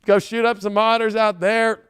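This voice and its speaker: A man giving a casual tarot reading, profane and joking, bursting into shouts and silly voices. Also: sits high, level tone, moderate pace, clear, resonant tone, dry recording, clean studio sound. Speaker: tarot reader.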